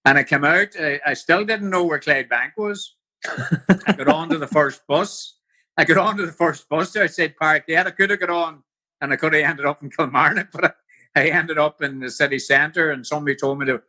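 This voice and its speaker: Bright-voiced older Northern Irish man. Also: on the high side, fairly quick. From Belfast. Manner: vivid anecdotal storyteller. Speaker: podcast guest. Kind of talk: casual storytelling interview.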